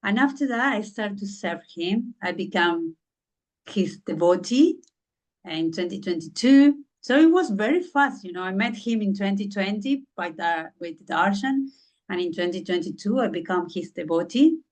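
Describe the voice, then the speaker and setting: A woman's voice: mid-range voice, lively intonation, normal speed, a little mellow. A woman who is a podcast guest, earnestly telling a personal story and often searching for words with frequent "you know.". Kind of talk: personal story in a conversational interview. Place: lives in southern England.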